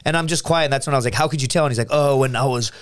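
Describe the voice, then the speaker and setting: An American man, a podcast co-host, telling a story in casual chat, animated and full of restarts, acting out his friends' lines. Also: fairly high pitch, racing. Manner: animated, restarts a lot, acts out quoted friends.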